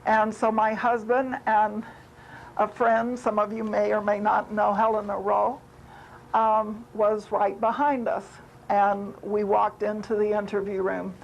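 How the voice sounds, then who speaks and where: A woman's voice: medium pitch, level tone, measured pace, gravelly, dull audio, slight background noise. A woman telling a personal story at a spiritual retreat, heartfelt and repeating words for emphasis. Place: retreat gathering.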